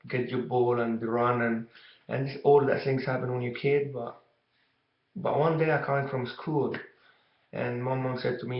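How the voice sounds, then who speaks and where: A young man tells a childhood story casually to camera, rambling and halting with lots of "you know". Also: mid-range voice, level tone, vocal fry. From Egypt. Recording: dull, echoey room recording.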